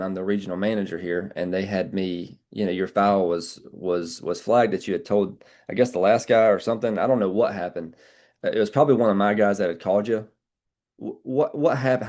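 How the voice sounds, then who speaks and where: A man as a smooth regional manager. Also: fairly low pitch, a little mellow, lightly acted. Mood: reassuring. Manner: casual, reassuring, halting. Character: calm male regional manager calling a client.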